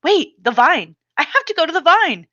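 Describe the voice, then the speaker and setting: A woman voicing a young girl, intense and frightened, in a high pleading childlike voice, on a slightly muffled recording. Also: very animated, normal speed, bright, forceful tone, dry recording, full character voice. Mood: playful.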